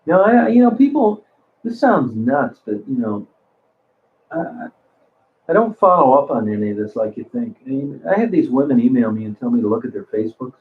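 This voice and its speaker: A man's voice: mid-range voice, big pitch swings, fairly quick. Man, livestream host, blunt and crude, rambling; tinny phone-like audio. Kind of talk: casual live chat reading comments.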